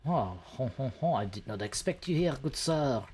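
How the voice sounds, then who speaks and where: A man voicing a jolly gentleman in a playful, exaggerated French accent. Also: fairly high pitch, huge pitch swings, unhurried, husky, pitched above the performer's own voice, heavily acted. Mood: mock surprise.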